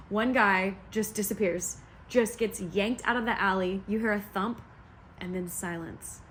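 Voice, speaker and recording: A young adult woman vlogger chattily retelling a fantasy novel's plot from her couch at home, animated and full of playful asides. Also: medium pitch, a little hiss or hum. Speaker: book vlogger. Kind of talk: casual plot recap.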